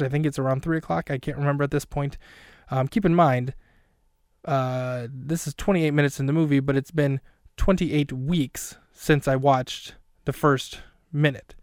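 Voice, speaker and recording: A man's voice: medium pitch, steady tone, moderate pace, darkish tone, smooth, dry recording, studio quality. A man hosting a podcast who recaps a film scene by scene in a rambling, self-mocking way with plenty of fillers. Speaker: podcast host.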